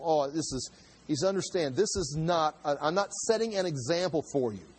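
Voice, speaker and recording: A man's voice: fairly high pitch, expressive, moderate pace, slightly rough, poor audio. A middle-aged man, a pastor, preaching a sermon in a conversational way, with asides and rhetorical questions.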